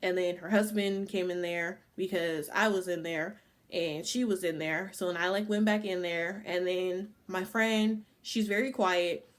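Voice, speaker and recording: A woman's voice: on the low side, steady tone, measured pace. A woman in her twenties telling a casual storytime, swearing freely and saying "like" constantly. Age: 20s. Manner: casual, profane, full of "like" fillers. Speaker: vlogger.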